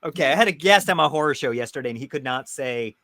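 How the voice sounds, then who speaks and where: Lively, playful male podcast host. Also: medium pitch, fast, no echo. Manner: playful, chatty, jokes with guest. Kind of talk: casual interview chat.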